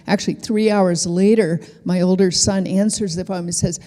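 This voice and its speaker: A woman's voice: lowish voice, fairly even intonation, normal speed, dark tone. A woman in her sixties telling a story on stage as a guest, with dry, wry humor. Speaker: Nobel laureate guest. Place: lecture hall. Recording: long hall reverb.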